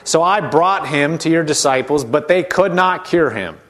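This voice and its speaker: A man preaching a sermon in a conversational way, slowing down to stretch key words and dropping into hushed voices to mimic doubters. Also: on the high side, lively intonation.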